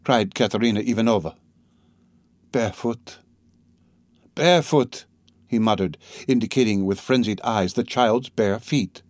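A man narrating a classic novel in a steady, measured reading that slows over grim details. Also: lowish voice, dry recording, clean studio sound. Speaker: audiobook narrator. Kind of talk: scripted literary narration.

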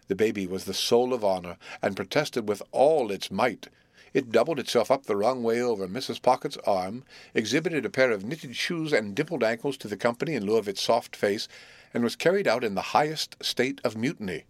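A man reading a classic novel aloud as a narrator, with measured, expressive storytelling. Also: mid-range voice, no echo. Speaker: audiobook narrator.

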